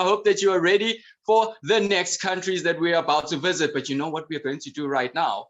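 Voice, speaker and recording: A man's voice: fairly high pitch, fairly even intonation, fairly quick, fairly bright tone, dull audio. Upbeat man hosting an event. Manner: exclamatory, playful quizzing. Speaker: event host. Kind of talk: enthusiastic emcee patter.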